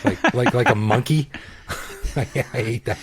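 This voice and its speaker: A man's voice: mid-range voice, measured pace, a little hiss or hum. A man hosting a podcast, talking in an easygoing, playful way and laughing often. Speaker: podcast host. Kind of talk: casual conversational podcast chat.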